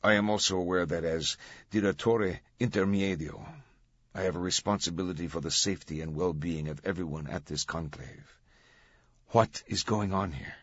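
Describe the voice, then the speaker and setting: A deep-voiced man reading as a tired, kind young priest, soft-spoken with a faint Italian inflection. The voice is low and husky, quiet but carrying calm authority, on a dry, slightly dull recording. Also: moderate pace, no room sound. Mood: weary.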